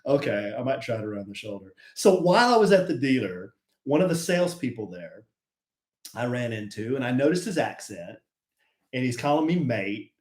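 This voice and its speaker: A middle-aged man co-hosting a podcast, chatting casually and telling stories in a laid-back, animated way. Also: mid-range voice, normal speed. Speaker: podcast co-host. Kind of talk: casual chat. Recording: roomy echo.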